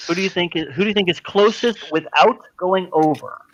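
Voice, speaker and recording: A man's voice: sits high, fairly quick, dull audio. A man hosting a party game on a video call, explaining the rules and laughing often. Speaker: host.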